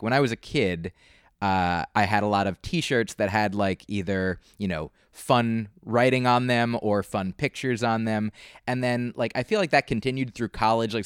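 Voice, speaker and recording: Smooth-voiced American man musing. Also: medium pitch, dry recording, studio quality. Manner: digressive, playful, self-aware asides. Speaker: comedian guest. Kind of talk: casual interview chat.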